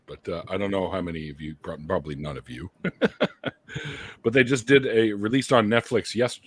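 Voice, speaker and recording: A low-voiced man with a husky edge, talking loosely on a video call. His pitch swings widely, and his sentences ramble and trail away into quiet. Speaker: co-host. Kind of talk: casual group chat.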